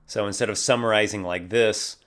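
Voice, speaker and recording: Casting: encouraging male tutorial host, somewhat low voice, friendly and demonstrative. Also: steady tone, a little fast, a bit bright. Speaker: YouTube creator teaching role-play. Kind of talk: tutorial talk to camera.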